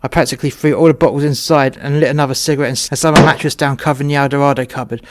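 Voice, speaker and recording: A man's voice: mid-range voice, fairly even intonation, rapid-fire, very noisy. Profane blunt man telling a story. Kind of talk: first-person story narration.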